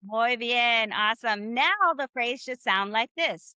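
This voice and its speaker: A high-pitched, bright-toned woman leads a live online Spanish class. She is upbeat and encouraging, and she drills phrases with the group. Her voice sounds dry and close, with no room echo. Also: animated, slow, few pauses, clear, resonant tone. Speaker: Spanish teacher.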